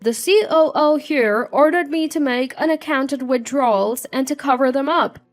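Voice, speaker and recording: An urgent, accusing accounting employee, pitched higher and louder than the narration, as a woman reads the part. Faint music runs beneath. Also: moderate pace, natural voice.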